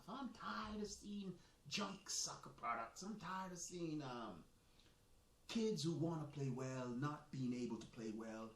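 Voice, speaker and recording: A man with a Jamaican accent hosting a soccer live stream, talking in a chatty, boastful, rambling way. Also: mid-range voice. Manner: animated, boastful, chatty with restarts. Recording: echoey room, mic at a distance.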